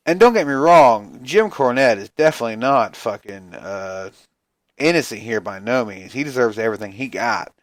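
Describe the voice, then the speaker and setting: A man's voice: mid-range voice, expressive, normal speed, no echo. Tired, profane man ranting on a podcast. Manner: profane, rambling, frustrated. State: tired, yawning. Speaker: podcast host. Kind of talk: casual solo podcast rant.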